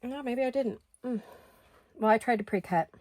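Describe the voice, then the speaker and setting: A woman's voice: on the high side, moderate pace, darkish tone, no echo. A middle-aged woman hosting a craft video, chatting casually and thinking aloud as she works. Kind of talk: casual craft-along chat.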